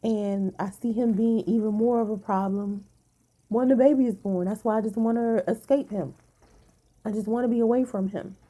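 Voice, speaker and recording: A woman's voice: fairly high pitch, fairly even intonation, moderate pace, warm tone. A woman vlogger venting to her viewers in casual talk, blunt and emphatic, swearing freely, sounding tired.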